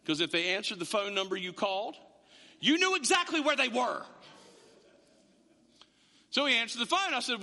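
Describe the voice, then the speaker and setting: A man's voice: extremely high pitch, sing-song, normal speed, long pauses, pushed and bright. A man preaching a sermon, telling stories with quoted voices and repeated words, as a pastor to a congregation. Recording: long hall reverb.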